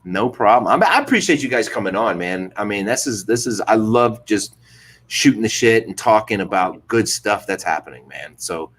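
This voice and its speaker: A man's voice: fairly low pitch, animated, moderate pace, a bit bright. A man hosting a podcast in casual chat, laid-back and profane, laughing often. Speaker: podcast host.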